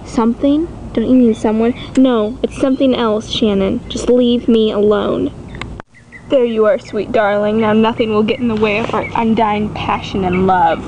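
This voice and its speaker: A woman's voice: fairly high pitch, fairly even intonation, normal speed, noisy background, pitched below the performer's own voice, close to an everyday voice. A woman voicing a lovesick young suitor with an overwrought, soap-opera delivery in a homemade comedy skit. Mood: melodramatic.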